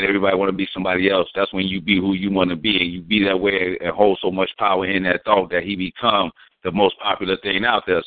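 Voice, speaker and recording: Man, very low voice, loose profane rambling talk, thin phone-line sound. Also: no echo. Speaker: guest. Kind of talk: casual profane explaining.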